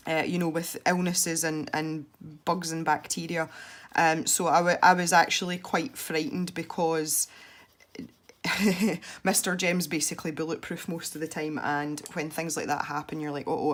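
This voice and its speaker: A young woman with a congested, stuffy voice, chatting softly as she narrates her colouring. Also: low voice, level tone, measured pace. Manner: soft-spoken, chatty and self-deprecating. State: congested from a head cold. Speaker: colouring video host. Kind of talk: relaxed colouring commentary.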